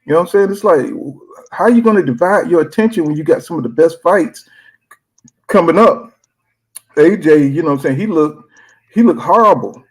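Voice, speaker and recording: A man's voice: on the high side, animated, normal speed, breathy edge, low-quality recording. A man hosting a casual boxing chat show, talking in slang, often saying "you know what I'm saying" and reading out viewer comments.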